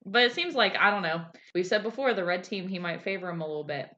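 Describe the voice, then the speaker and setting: A woman with a lowish voice chats casually as a podcast co-host, slipping into goofy voices for quotes. The audio is dull and lo-fi, like a home recording. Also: quick pace, bright, forceful tone. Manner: chatty, acts out quotes in silly voices. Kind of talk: casual recap chat.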